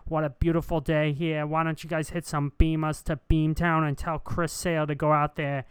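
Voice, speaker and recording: A man's voice: fairly high pitch, level tone, moderate pace, smooth, no room sound, clean studio sound, lightly acted. A man doing a brash Boston sports broadcaster. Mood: hyped. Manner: blustery, folksy, talks over everyone. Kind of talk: comic impression.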